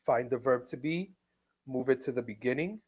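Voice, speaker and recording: A man teaching English in a live online class, speaking slowly and patiently, repeating each step and reading example sentences aloud with clear stress. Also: medium pitch, a little mellow. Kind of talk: live online ESL lesson.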